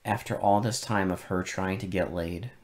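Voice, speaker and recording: A man co-hosting a podcast, chatting casually about a film with deadpan sarcasm and plenty of swearing. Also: deep voice, normal speed. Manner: sarcastic, profane, deadpan irony. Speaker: podcast co-host. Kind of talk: casual film review chat.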